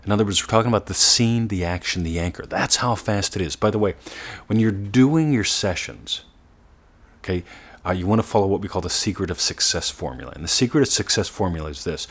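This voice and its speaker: A man giving a motivational coaching talk, earnest, sometimes slowing to a soft, drawn-out demonstration voice. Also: low-pitched, expressive, slightly rough. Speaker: manifestation coach.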